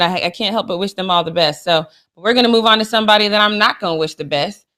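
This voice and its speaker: A woman with a lowish, slightly bright voice co-hosts a sports talk show, keeping the chat casual. She gushes and gets emotional, laughs often, and throws in sassy trash talk.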